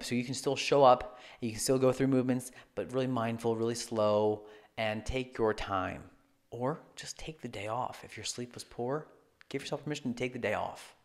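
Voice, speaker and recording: A male fitness coach co-hosting a casual podcast, earnest and encouraging. His voice sits at a middling pitch, and he talks in a relaxed way.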